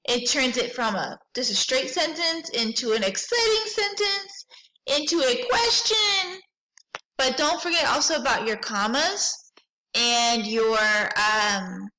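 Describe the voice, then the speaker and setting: A woman librarian giving a cheerful lesson to children, reading out example sentences slowly and with a teacherly lilt. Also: on the high side, expressive, sharp tone, poor audio. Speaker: school librarian.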